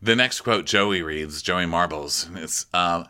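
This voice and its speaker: A man's voice: sits low, measured pace, hardly any pauses, smooth. A man co-hosting a casual podcast, recapping a reality show and acting out the cast's lines in exaggerated voices. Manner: animated, acts out quotes in exaggerated voices. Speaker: podcast co-host.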